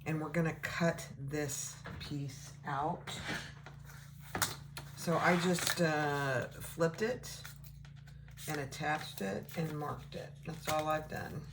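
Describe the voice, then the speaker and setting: Woman, low voice, easygoing sewing tutorial host, a slow chatty walkthrough. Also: noisy background. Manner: relaxed, chatty, thinking aloud while working. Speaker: sewing instructor.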